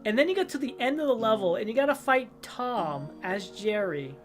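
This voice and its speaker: A young woman streamer rambling casually about old cartoons and games, telling stories in an animated way and often breaking into silly voices. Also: fairly high pitch, normal speed, soft background music. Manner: rambling, animated storytelling with goofy character voices. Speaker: livestreamer.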